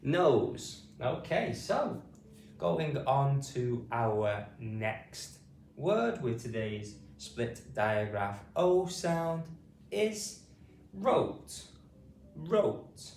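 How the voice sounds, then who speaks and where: A man with a British accent teaching a phonics lesson, saying each sound slowly and spelling it out letter by letter. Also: medium pitch, big pitch swings, a little mellow. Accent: British English. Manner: slow, deliberate, repeats sounds and spells them out. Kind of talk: slow classroom phonics lesson. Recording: roomy sound from a distant mic, faint hiss.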